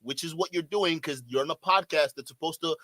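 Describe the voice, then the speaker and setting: A man's voice: fairly high pitch, a little fast, sharp tone, dry recording. A man doing reaction commentary in a profane, sarcastic way, laughing often. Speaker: YouTube commentator.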